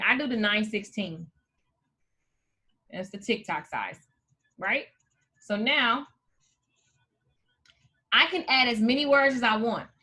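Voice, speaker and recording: Upbeat woman coach, bright and high-voiced, hyping up viewers live. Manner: energetic, hyped, addresses viewers as "you guys". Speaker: host and coach. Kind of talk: live video tutorial.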